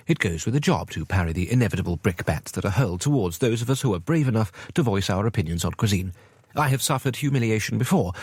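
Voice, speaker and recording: A man's voice: fairly low pitch, breathy edge, dry recording, clean studio sound. An actor playing a pompous, fussy male food writer who talks in a self-regarding, flustered manner. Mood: self-pitying. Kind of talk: radio comedy acting and narration.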